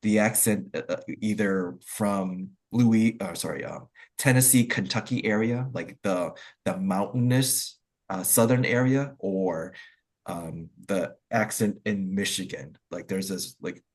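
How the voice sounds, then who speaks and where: A man hosting an online English conversation call, talking in a relaxed, hesitant way with lots of fillers and restarts. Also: deep voice, a little slow, breathy edge. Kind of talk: casual group video call chat.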